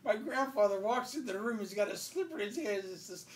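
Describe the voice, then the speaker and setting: A man's voice: high-pitched, expressive, quick pace, echoey room. A man telling a funny childhood story in casual conversation, often breaking into laughter. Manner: laughs a lot while telling a family story. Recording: distant mic with faint background noise.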